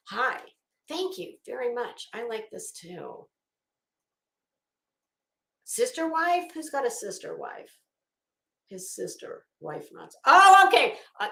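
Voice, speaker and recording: A woman's voice: on the high side, creaky, pushed and bright, echoey room. Chatty Southern woman greeting her chat. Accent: Florida Southern. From Florida, US. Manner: chatty, frank, swears freely, greets chat by name. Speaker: livestream host. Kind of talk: casual livestream chat greeting viewers.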